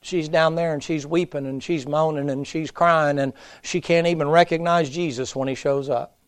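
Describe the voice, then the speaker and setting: A man preaching a revival sermon in a church, dropping to a hush and then climbing back up to loud emphasis. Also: a little high, fairly even intonation, normal speed, smooth. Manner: folksy preaching, swings from hushed to loud. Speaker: pastor.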